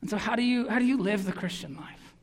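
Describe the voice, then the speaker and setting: A pastor with a mid-range voice preaches quickly, earnest and emphatic, often repeating words to stress them. The sermon echoes with the long reverb of a large hall.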